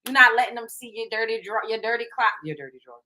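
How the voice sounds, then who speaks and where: Animated, slangy woman host. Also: a little high, racing. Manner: slangy, animated, laughing asides. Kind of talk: casual celebrity gossip commentary.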